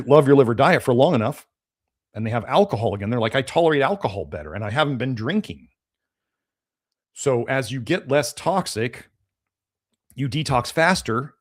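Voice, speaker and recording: A man of average pitch hosts a live-stream Q&A, reading chat questions aloud and answering them off the cuff. He rambles casually, with many fillers and restarts, and sounds a little stuffed up. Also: a little mellow. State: slightly congested, sneezy. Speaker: host of a health podcast.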